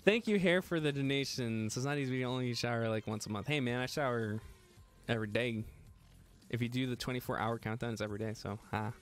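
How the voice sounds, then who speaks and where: A man's voice: medium pitch, fast. A man hosting a casual live stream, joking and laughing as he gets flustered over his own slip. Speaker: livestream host building a PC.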